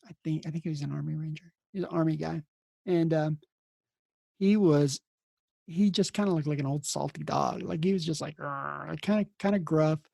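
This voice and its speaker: A man telling stories from his nursing career in a casual, rambling way, restarting his sentences again and again. His voice is low-toned, mellow and gravelly with a husky edge, recorded dry and close. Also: moderate pace, no echo. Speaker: podcast host and emergency nurse. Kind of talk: casual storytelling.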